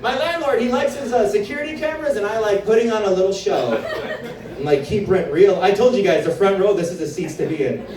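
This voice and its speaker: With a crowd audible behind him, a young Canadian comic with a high-pitched, slightly fast voice works a club stage. The sound is roomy and distant as he animates his stories by acting out their quotes.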